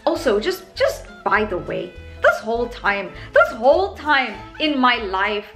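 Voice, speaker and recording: A woman's voice: fairly high pitch, big pitch swings, a little slow, fairly bright tone, soft background music. A young South African woman with a South African English accent, chatting casually and with self-mocking humour in a talking-to-camera vlog. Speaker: YouTuber.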